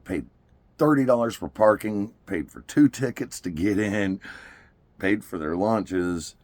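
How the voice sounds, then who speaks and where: A man's voice: on the low side, a little slow, no room sound. A man, telling a story about taking his daughter to an amusement park, laughing often and acting out what people said. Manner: animated, laughing often, acts out quotes. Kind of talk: casual storytelling.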